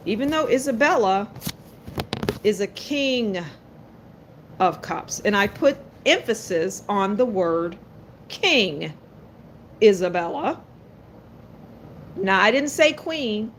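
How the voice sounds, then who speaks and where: Slow-talking blunt woman tarot reader. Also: mid-range voice, a little hiss or hum. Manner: blunt, sassy, talks straight to viewers. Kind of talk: live-stream tarot reading.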